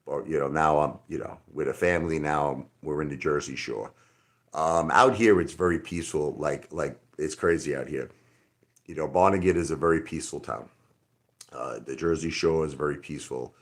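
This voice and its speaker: A middle-aged man with a deep voice hosts a casual livestream. He rambles from one point to the next and answers his chat directly in a loose, conversational way. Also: normal speed. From Brooklyn, New York. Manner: rambling, talks straight to chat. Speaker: livestream host.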